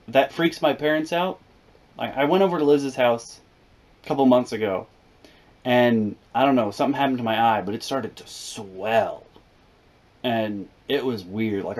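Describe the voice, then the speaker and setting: Animated young American man telling stories. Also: medium pitch. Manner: animated, sarcastic, swings between loud and mumbled. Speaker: YouTuber telling a story. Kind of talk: comedic storytime.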